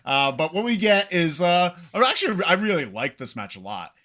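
A man co-hosting a casual wrestling recap podcast, animated and swearing freely as he acts out what people said. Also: high-pitched, normal speed. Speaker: podcast co-host.

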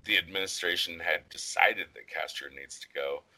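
A man's voice: deep voice, normal speed, sharp tone, low-quality recording. A man co-hosting a podcast, chatting casually about a movie and its history, rambling with lots of "like" fillers and some swearing. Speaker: podcast co-host.

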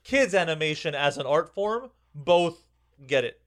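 A man's voice: on the high side, expressive, unhurried, fairly bright tone. A man co-hosting a casual podcast, gushing enthusiastically with plenty of "like" fillers and swearing. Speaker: podcast co-host. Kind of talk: casual chat.

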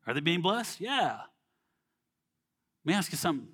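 A man delivering a sermon in a chatty, conversational way, with a fairly high, bright and forceful voice. He keeps checking in with his listeners and slips into quick acted voices for the people in his stories. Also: animated, vocal fry, slightly rough. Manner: conversational, frequent "right?" check-ins; acts out quoted people in voices. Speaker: preacher.

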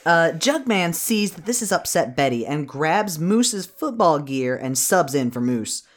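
A man co-hosting a podcast, recapping a movie in rambling, profane casual chat. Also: fairly high pitch. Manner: rambling, profane, animated, quick bursts.

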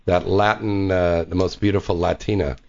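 A man's voice: low-pitched, moderate pace, vocal fry. A man hosting a radio talk show, joking around crudely and taking calls. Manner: jokey, crude, lively. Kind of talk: casual radio chat. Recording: dull lo-fi radio audio.

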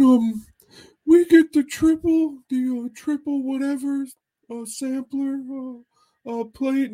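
A man's voice: extremely high pitch, dark tone, voice pushed up, low-quality recording. A man imitating a flustered young man who mumbles, hesitating and tripping over his words. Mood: timid. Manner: hesitant, full of uhs.

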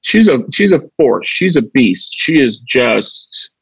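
A man's voice: medium pitch, slow pace, breathy edge, no echo, highs cut off. A man, an actor and comedian from Chicago, telling stories in a casual chat and acting out the voices in them. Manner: animated, acts out voices in his stories. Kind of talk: casual storytelling.

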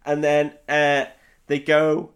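A man's voice: a little high, completely flat delivery, takes it slowly, smooth. A drunk man rambling through a sweary, laughing film recap as a podcast co-host. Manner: rambling, sweary, laughing retelling with quoted voices.

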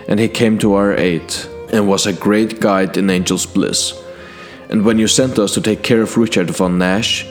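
Low-voiced male storyteller, in-character fantasy narration to royalty, earnest and measured, faint music bed.

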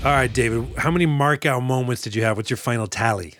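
A man's voice: mid-range voice, quick pace, over loud music. A man co-hosting a casual podcast, joking around and acting out movie lines. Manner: jokey, acts out movie quotes with laughs. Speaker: podcast co-host. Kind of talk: casual chat.

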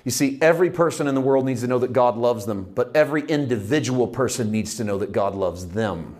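A man delivering a sermon in a voice pitched squarely in the middle. He preaches with passion, drawing out the words he wants to land and moving between quiet intimacy and ringing emphasis. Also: animated. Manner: impassioned, swinging from hushed to loud; drawn-out emphatic phrases.

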